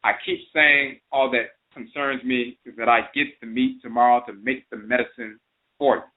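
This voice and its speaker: A man doing a calm, crafty hare over the phone. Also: medium pitch, normal speed, natural voice. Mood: insistent. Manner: calm, insistent. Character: patient, crafty male hare. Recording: phone-line internet radio.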